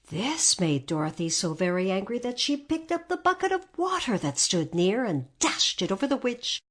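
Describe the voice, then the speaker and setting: A woman narrating a storybook aloud in an expressive read-aloud manner. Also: medium pitch, normal speed, few pauses.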